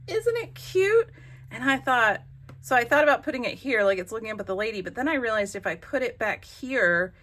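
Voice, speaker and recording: A woman's voice: fairly high pitch, animated, fairly quick, a bit bright. A woman hosting a crafting vlog, chatting casually and talking to herself as she works. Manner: chatty, exclamatory, talks to herself while working. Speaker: crafting channel host.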